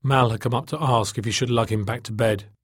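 A man reading a novel aloud in steady, measured narration. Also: medium pitch, slightly rough, no echo, studio quality. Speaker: audiobook narrator. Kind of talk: scripted narration.

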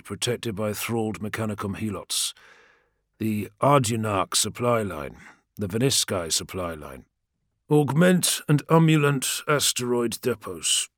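A man voicing a male sergeant who reads reports briskly and answers with dry, flippant wit. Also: lowish voice, fairly bright tone, dry recording. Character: wry male soldier sergeant, dutiful but flippant.

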